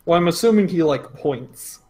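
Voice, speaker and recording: A man's voice: on the high side, expressive, normal speed, a little mellow. A man playing a tabletop game, describing his character's actions hesitantly, with many fillers. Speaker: player. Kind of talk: casual tabletop play.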